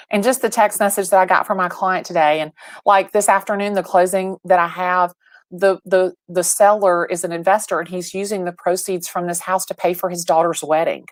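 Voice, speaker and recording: A woman in her forties tells stories over a video call, acting out every line of dialogue with lots of restarts. Her voice sits low for a woman, and the sound is close and dry with no room around it. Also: dry recording. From Atlanta, Georgia. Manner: animated storyteller, acts out quoted dialogue, many restarts. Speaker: real estate agent, guest. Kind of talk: livestream interview storytelling.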